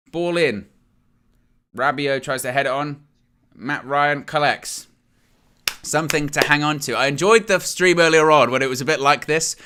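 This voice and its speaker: Bright, clear-voiced man commentating live. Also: on the high side. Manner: casual running commentary with fillers. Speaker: fan channel host. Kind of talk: live match commentary stream.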